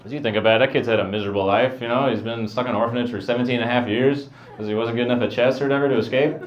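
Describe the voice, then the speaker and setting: A man doing a stand-up set, mumbling in a flat deadpan. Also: mid-range voice, racing, reverberant, background noise. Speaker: stand-up comedian. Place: comedy venue with a live audience. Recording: dull lo-fi live recording with crowd.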